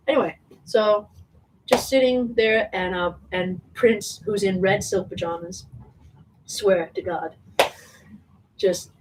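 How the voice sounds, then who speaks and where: A woman's voice: medium pitch, slow, pauses often. Rambling woman telling a story, off-mic. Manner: rambling, lots of fillers, swears freely, laughs often. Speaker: singer talking to an audience. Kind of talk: casual anecdote to a live audience. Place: indoor venue with small audience. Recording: distant mic with faint noise.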